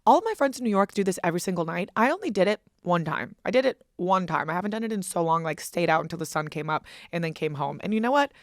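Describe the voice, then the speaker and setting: A woman's voice: lowish voice, expressive, fast talker, hardly any pauses, dry recording, clean studio sound. A young woman hosting a podcast, casually telling a rowdy weekend story, swearing freely and laughing as she goes. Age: young adult. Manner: chatty, profane, laughing storyteller. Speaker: podcast host.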